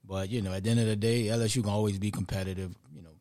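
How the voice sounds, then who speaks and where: A man's voice: fairly low pitch, fairly even intonation, very fast, warm tone, no room sound, studio quality. A man co-hosting a sports podcast, chiming in with blunt, casual asides. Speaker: podcast co-host.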